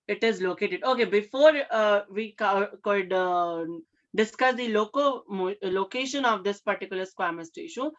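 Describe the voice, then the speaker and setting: A woman teaches a science lesson in a bright, fairly high voice. She keeps repeating key terms and checking in with her class. The audio is dull and lo-fi. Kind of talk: classroom lecture.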